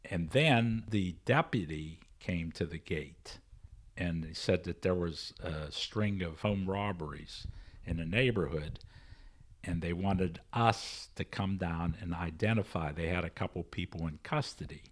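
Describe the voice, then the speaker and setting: Deep-voiced older man telling a story. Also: unhurried. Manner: animated, acts out both sides of conversations. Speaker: interview guest. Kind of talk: storytelling in an interview.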